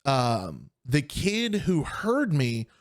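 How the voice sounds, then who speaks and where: A man's voice: medium pitch, huge pitch swings, extremely slow. A young man co-hosting a podcast, telling a story in casual chat and acting out the people he quotes. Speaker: podcast co-host.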